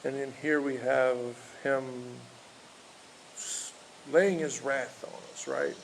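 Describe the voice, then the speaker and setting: A pastor delivers a loose, unscripted sermon in a gravelly voice, stopping and restarting as he goes. He tells his story plainly, with many fillers. Faint background noise sits under his voice. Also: medium pitch, big pitch swings, slow, low-quality recording. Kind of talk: informal outdoor sermon with storytelling. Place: outdoors in a park.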